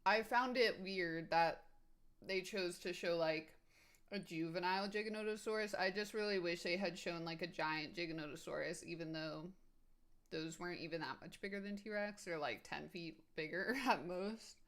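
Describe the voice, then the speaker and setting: Chatty woman with a slightly low voice. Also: normal speed, a bit bright. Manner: rambling, filler-heavy with frequent "like" and "um"; enthusiastic, laughs easily. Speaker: streamer. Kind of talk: casual live-stream chat answering viewers.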